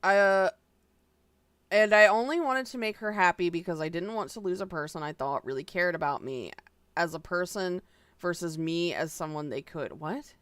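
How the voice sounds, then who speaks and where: A woman's voice: on the low side, moderate pace, fairly bright tone, clean tone, no echo, clean studio sound. A woman streamer giving casual reaction commentary, exasperated and profane, sighing often.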